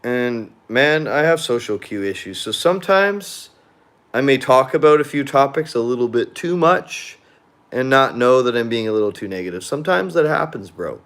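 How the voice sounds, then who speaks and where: A man's voice: medium pitch, lively intonation, normal speed, a bit bright. Young male vlogger, casual venting monologue, rambling, swears freely, beer in hand. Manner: blunt and profane, rambling; drinking beer while chatting.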